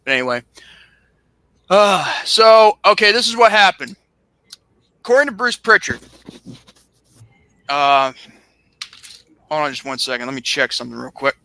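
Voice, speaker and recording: Young guy rambling through a wrestling story on his laptop mic, super bright voice, dead dry sound. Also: on the high side, sing-song, a little slow, long pauses, no echo. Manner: rambling, filler-heavy, restarts often. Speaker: podcast co-host. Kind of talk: casual podcast storytelling.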